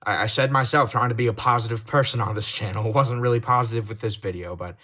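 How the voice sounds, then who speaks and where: Talking fast in a lowish voice, a young YouTuber confides in his audience through a confessional vlog. Heated swearing gives way to soft, apologetic trailing off, and he keeps stumbling and restarting.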